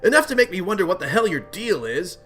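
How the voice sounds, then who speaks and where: A man's voice: high voice, big pitch swings, fast talker, fairly bright tone, soft background music, pitched above the performer's own voice. A man voicing a haughty bratty troll girl. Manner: haughty, condescending. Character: arrogant bossy teen alien troll girl. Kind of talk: webcomic read-aloud voice acting.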